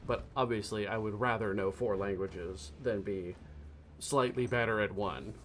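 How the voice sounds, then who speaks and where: A man's voice: lowish voice, fairly even intonation, moderate pace, a bit bright, a little hiss or hum. A man chatting casually during a multiplayer game, telling a long joke and laughing at his own jokes. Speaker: gamer.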